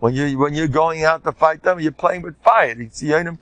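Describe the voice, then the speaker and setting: Older rabbi telling stories with fire. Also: male voice, on the high side, moderate pace, no room sound. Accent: American Orthodox Jewish English with Yiddish words. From United States. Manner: storytelling, bursts into loud shouted quotes. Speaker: rabbi giving a Torah class. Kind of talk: informal Torah talk with stories.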